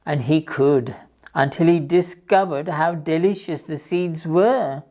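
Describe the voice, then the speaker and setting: A woman reading a picture book aloud to children as a library storyteller, in a slow, gentle, clear manner. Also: low voice.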